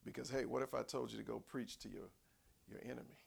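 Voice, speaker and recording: A man preaching a sermon in a folksy, conversational way, swinging between low asides and shouted cries. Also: big pitch swings, fast talker, creaky, husky. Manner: folksy, conversational, acts out voices. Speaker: pastor.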